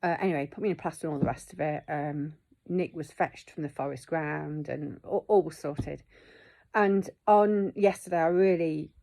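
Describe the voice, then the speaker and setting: A woman's voice: sits low, normal speed, creaky, warm tone. A middle-aged woman, telling a personal story in a candid, emotional vlog and swearing freely. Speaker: vlogger.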